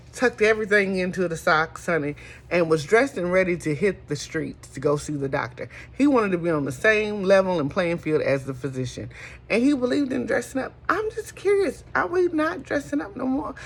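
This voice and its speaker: Middle-aged lady, folksy casual chat, raspy husky voice. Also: lowish voice. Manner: chatty, folksy, calls listeners honey. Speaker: host.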